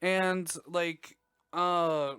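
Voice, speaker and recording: A young man with a high voice hosts a podcast from his dark bedroom at home, chatting casually about a movie at an extremely slow pace. He's profane and excitable, swearing plenty and laughing often. His tone is clean and the recording is dry, with clean studio sound.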